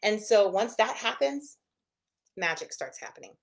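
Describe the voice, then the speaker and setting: A woman therapist teaching in a casual, expressive way, acting out the inner voices of the mind in quick asides. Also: mid-range voice, gravelly.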